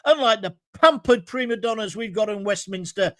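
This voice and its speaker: A man's voice: high voice, moderate pace, a bit bright, no room sound, studio quality. A middle-aged British man hosts a live opinion talk show and reads out viewer comments in a combative, ranting manner. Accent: British English. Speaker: host.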